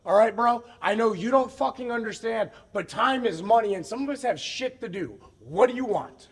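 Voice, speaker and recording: A man's voice: sits high, lively intonation, moderate pace. A man in a backstage wrestling skit, irritated, swearing and demanding repayment.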